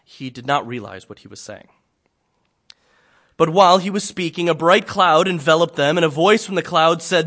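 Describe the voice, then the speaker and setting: A man preaching a sermon, telling a scripture story dramatically, swinging from loud to hushed. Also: fairly high pitch, animated, normal speed.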